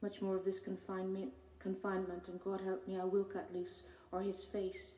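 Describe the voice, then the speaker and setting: A woman, a poet giving a measured reading of her own poems with hesitant spoken asides between them. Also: mid-range voice, monotone, mellow, slight background noise. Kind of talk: poetry reading. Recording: roomy hall from far off.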